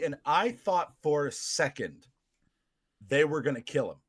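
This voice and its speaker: A man hosting a casual podcast chat, excitable and quick to laugh. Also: on the high side, no room sound. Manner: excitable, laughs often, shouts quoted lines. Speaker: podcast host.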